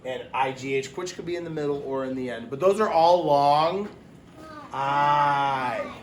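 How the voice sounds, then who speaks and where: A man's voice: fairly high pitch, measured pace, reverberant, a little hiss or hum. A man teaching a phonics lesson for young children, upbeat and encouraging, stretching out the sounds he teaches.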